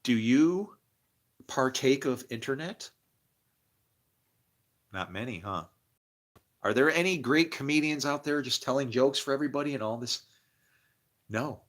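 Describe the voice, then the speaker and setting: A man on a livestream, preaching in a rambling religious monologue, swinging from murmurs to loud bursts and laughing between phrases. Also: mid-range voice, expressive, moderate pace, pauses often.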